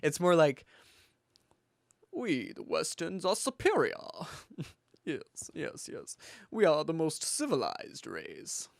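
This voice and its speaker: A man's voice: fairly high pitch, fairly even intonation, fairly bright tone, clear, resonant tone, no echo, clean studio sound, close to an everyday voice. A man putting on a mock accent to play a smug, pompous man boasting that his people are superior. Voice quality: mock accent, haughty and drawn-out.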